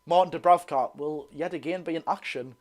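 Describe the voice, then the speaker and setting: A young man with a Geordie accent giving excitable, bantering live commentary on a football match while reading out viewer comments. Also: fairly high pitch, fairly quick. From North East England. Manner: excitable, banter-filled, reads chat aloud. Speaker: football channel host.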